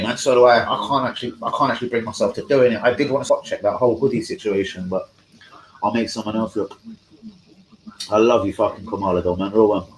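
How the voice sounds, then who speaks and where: A man's voice: medium pitch, a little hiss or hum, low-quality recording. Swearing man talking football. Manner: casual, rambling, heavy swearing, slangy. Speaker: fan channel host. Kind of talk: live-stream football chat.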